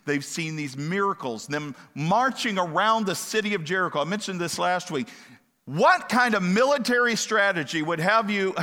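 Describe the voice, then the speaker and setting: A pastor preaches a sermon in a bright, fairly high voice, keeping it conversational as he throws questions to the congregation and wanders into digressions. Long reverb from the hall lingers behind each word.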